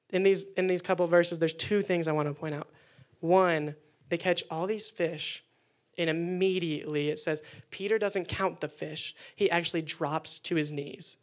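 A man preaching a casual youth sermon indoors to listeners, energetic and conversational with jokes. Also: fairly high pitch, normal speed. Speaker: youth pastor. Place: indoor meeting room with listeners.

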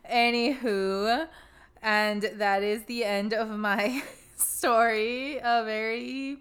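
A woman's voice: fairly high pitch, steady tone, takes it slowly, a bit bright, clean tone. A young woman co-hosting a podcast in casual chat, laughing often and poking fun at herself. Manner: giggly, self-deprecating, laughs often. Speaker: podcast co-host.

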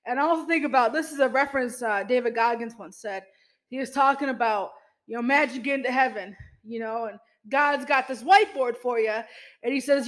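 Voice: medium pitch, a little fast, fairly bright tone, low-quality recording. Emphatic motivational podcast host. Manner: emphatic pep talk, frequent "you know" and mild swearing; speaks straight to listeners as "y'all".

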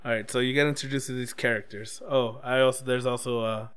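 Male co-host, relaxed chat, curses often, smooth clean tone. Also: mid-range voice, a little fast. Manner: laid-back, swears freely, laughs often. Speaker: podcast co-host. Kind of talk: casual chat reviewing a movie.

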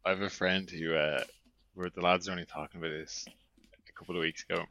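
A man's voice: sits low, flat delivery, fast, pushed and bright. A man chatting casually with friends and telling funny stories, mimicking a friend's put-on accent. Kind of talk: casual chat among friends. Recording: dry, dull lo-fi sound.

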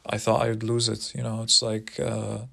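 A man's voice: fairly low pitch, completely flat delivery, moderate pace, gravelly, pushed and bright. A young man telling a personal story in a rambling, profane, casual way, often repeating words.

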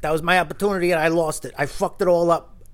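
A man's voice: fairly high pitch, fairly even intonation, quick pace, voice pushed up, lightly acted. A man voicing a drunk, self-pitying big man in his thirties, who pleads and nearly cries. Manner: pleading, weepy, slurring.

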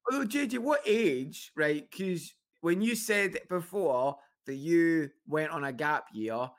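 A man's voice: fairly high pitch, expressive, takes it slowly. A man with a Scottish accent, a guest comedian chatting casually on a podcast, telling rambling, self-mocking stories with frequent restarts. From Scotland.

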